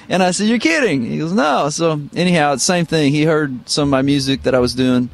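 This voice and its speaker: A middle-aged man from Missouri, a guitarist guest, telling relaxed, rambling stories full of fillers in an interview. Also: on the high side, fairly quick. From Missouri, United States. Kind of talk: casual interview storytelling. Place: radio studio.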